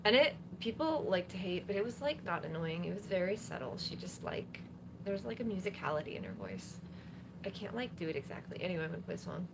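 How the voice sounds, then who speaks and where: A woman's voice: lowish voice, very animated, fast talker, vocal fry, noisy background. A woman singer-songwriter chatting casually between songs on a live stream, rambling with lots of fillers while she plays guitar. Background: guitar playing.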